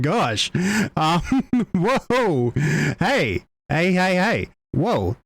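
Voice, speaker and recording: A young Australian man chatting excitedly on a live stream, giggling and tripping over his words. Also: sits high, extremely slow. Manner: excitable, giggly, stammering restarts, mild faux swearing. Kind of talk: casual live-stream chat.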